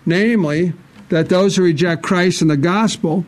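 Male preacher, earnest and insistent, voice pitched a little high, works through scripture and rhetorical questions. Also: moderate pace. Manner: reads scripture aloud in King James wording. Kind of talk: sermon.

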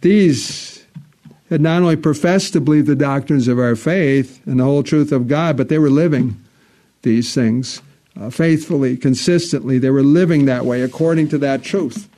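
Earnest preacher man, mellow voice. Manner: earnest preaching, swelling loud on key phrases, dropping low and slow for solemn parts. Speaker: pastor. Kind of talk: sermon. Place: church.

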